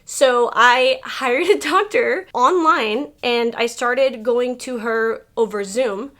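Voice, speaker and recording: A woman's voice: a little high, slow, a bit bright. Chatty woman in her 30s from Mexico. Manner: chatty and candid, many "like" fillers; emotional, fighting back tears. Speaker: beauty vlogger. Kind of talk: casual personal vlog.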